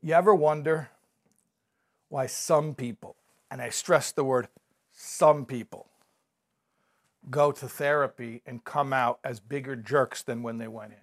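A man giving a measured, reflective talk about recovery, mixing in stories and jokes. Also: medium pitch, fairly even intonation, fairly bright tone. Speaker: recovery speaker.

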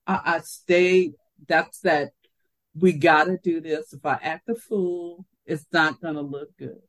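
Poor audio carries an older woman's low-sitting voice at a measured pace. Co-hosting a casual podcast chat, she animatedly relates a story from her job, voicing the people she quotes.

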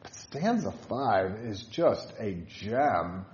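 His voice fairly low, slow, a little mellow, and swinging widely in pitch, a male pastor with a Southern Illinois accent preaches a thoughtful catechetical sermon with hymn lining and frequent fillers. It's recorded in an echoey church sanctuary with dull lo-fi sound.

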